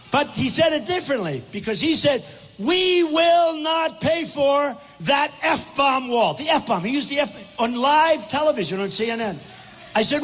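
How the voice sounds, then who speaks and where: Older man shouting a rally speech. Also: extremely high pitch. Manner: rambling, repetitive, combative. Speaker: political candidate. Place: airport hangar rally with crowd. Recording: echoey hall, faint background noise.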